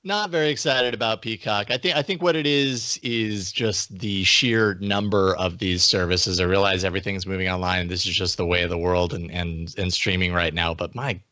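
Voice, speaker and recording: A lower-voiced man guesting on a podcast, relaxed and chatty, thinking out loud about his habits. The sound is dry and close. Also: moderate pace, few pauses, dry recording. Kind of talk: casual chat.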